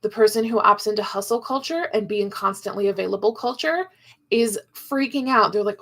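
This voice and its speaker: A woman's voice: medium pitch, a little fast, fairly bright tone. A woman teaching a live online class, playful and chatty, acting out quoted voices.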